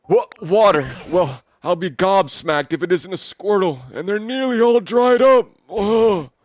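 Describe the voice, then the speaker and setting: A man's voice: high-pitched, a little slow, no room sound, studio quality, voice pushed up. A man voicing a chatty, curious Pokémon. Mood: surprised.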